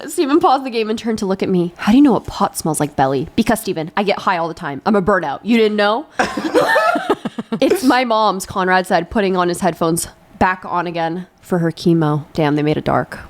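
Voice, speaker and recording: A woman's voice: on the low side, expressive, fairly quick. Young woman reading aloud, giggly asides. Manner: reads aloud and breaks off with giggling, profane asides. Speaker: co-host reading a novel aloud. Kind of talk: casual comedic read-along.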